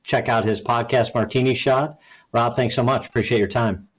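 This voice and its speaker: A man's voice: medium pitch, steady tone, moderate pace. A man hosting a podcast interview, thanking his guest and wrapping up in a brief, appreciative way. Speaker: podcast host. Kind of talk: interview host wrap-up.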